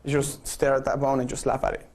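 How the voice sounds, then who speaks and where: A man's voice: mid-range voice, level tone, fast talker, gravelly, a little mellow. A man directing a group photo shoot on a live stream, playful and coaxing, checking in with "okay" after each instruction.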